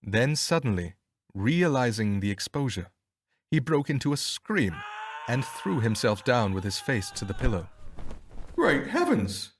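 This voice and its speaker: A man narrating an audiobook in an expressive, measured storytelling manner on a close studio mic. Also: medium pitch, no room sound.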